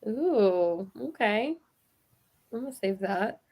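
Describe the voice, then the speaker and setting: A woman's voice: mid-range voice, expressive, takes it slowly, a little mellow. A young woman, co-hosting a book club and chatting casually, laughing often and quoting herself. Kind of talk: casual chat.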